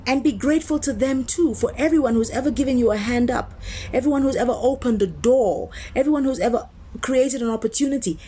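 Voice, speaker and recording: In a warm, higher-pitched voice, a woman minister preaches a motivational message with a conversational, emphatic delivery. She lingers on key words and drives her points home through repetition, and a faint hiss or hum can be heard.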